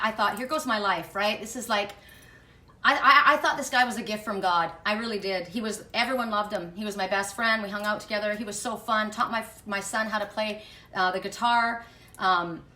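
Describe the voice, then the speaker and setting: A woman's voice: medium pitch, sharp tone, roomy sound, far from the mic. A middle-aged woman, a spiritual reader, telling a personal story in a candid, blunt way and swearing when angry. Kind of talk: emotional personal monologue.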